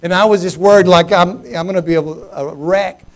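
High-voiced, animated man preaching. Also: fairly quick. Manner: animated, humorous, self-mocking. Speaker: pastor. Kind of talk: storytelling sermon.

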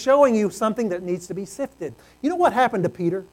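A man preaching a sermon, earnest, swinging from loud exclamations to hushed low tones. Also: animated, quick pace, low-quality recording.

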